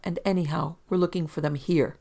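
A reader playing a cool, hard-faced police sergeant who talks bluntly and short, in a gravelly, fairly loud voice. A no-nonsense lawman from an old detective audiobook. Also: mid-range voice, fairly even intonation, fairly quick. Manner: blunt, clipped. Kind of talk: audiobook reading.

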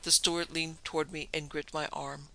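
A man reading a horror story aloud as narrator, in a measured, tense storytelling manner. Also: a little high, flat delivery, gravelly, pushed and bright, rough recording. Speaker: narrator and producer.

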